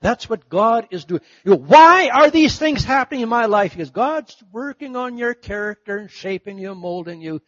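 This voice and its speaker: A middle-aged man preaching a sermon, telling stories and acting out the voices of the people in them, swinging from loud to hushed. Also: sits high, animated, normal speed, few pauses, no room sound, dull audio. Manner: storytelling, acts out quoted voices, big swings from loud to hushed. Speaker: pastor.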